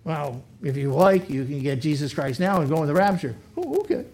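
Animated pastor preaching a sermon. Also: male voice, on the high side, brisk. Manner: animated, acts out imagined speakers. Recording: faulty recording.

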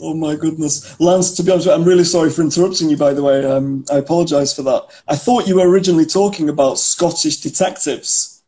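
A man talks casually on a podcast, telling stories and explaining words along the way. His voice sits a little high for a man, with a mellow, unhurried tone. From England (Manchester). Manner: chatty, storytelling, explains idioms. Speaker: podcast co-host. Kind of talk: casual chat.

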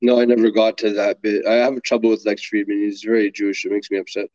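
A man's voice: on the low side, little pitch movement, fast talker, a little mellow, dry recording. A man co-hosting a casual podcast, speaking bluntly and dismissively with frequent swearing. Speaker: podcast co-host. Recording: dull, muffled lo-fi line.

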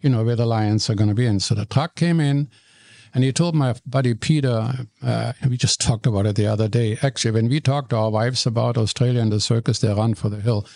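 An older man, a guest telling stories in an animated way, often stumbling and repeating words. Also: medium pitch, fairly quick, gravelly, dry recording. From Germany. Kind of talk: storytelling in conversation.

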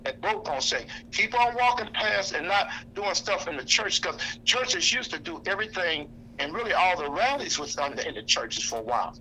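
A man's voice: high voice, big pitch swings, moderate pace, few pauses, pushed and bright, slight background noise, poor audio. A man giving an impassioned, blunt speech to a lunch audience, preaching, quoting scripture and repeating himself for emphasis. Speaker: activist speaker. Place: indoor lunch gathering.

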